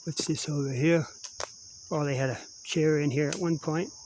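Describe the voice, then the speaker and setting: A man's voice: fairly high pitch, steady tone, moderate pace, darkish tone, a little hiss or hum, rough recording. A middle-aged man with a Canadian accent, from Kingston, Ontario, chatting casually and saying "eh" while walking through a wooded patch, filming on a handheld camera. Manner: chatty, laughs often, says "eh". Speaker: vlogger. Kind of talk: casual rambling vlog.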